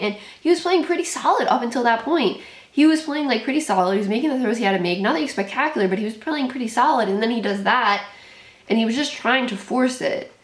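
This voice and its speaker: A young woman with a mid-range voice hosts a live reaction to a football game for a sports channel, and the sound is reverberant. She's anxious, exclaiming and often repeating herself.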